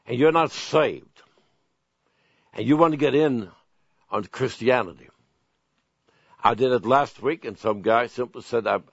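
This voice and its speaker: A man's voice: medium pitch, vocal fry, no echo, lo-fi sound. A man preaching a televised sermon, emphatic and full of rhetorical questions. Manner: emphatic, rhetorical questions, slow deliberate delivery.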